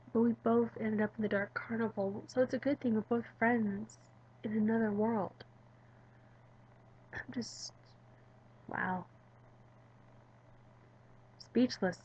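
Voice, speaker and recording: A woman doing let's play commentary, talking to her viewers and reading the game's text aloud with stumbles and quick self-corrections. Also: medium pitch, slightly rough, highs cut off. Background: game music.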